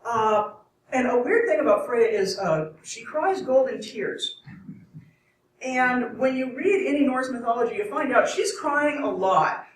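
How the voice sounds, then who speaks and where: A woman's voice: fairly high pitch, expressive, unhurried, slight background noise. Rambling woman storyteller in an echoey hall. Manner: rambling, self-correcting, wry asides. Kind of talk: live comic storytelling. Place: live event room. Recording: echoey room from far off.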